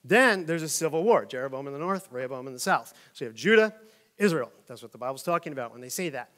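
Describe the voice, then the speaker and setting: A middle-aged male pastor preaching a casual sermon, telling a comic story with quick asides and acted-out voices. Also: medium pitch, expressive, fairly bright tone. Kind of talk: conversational sermon.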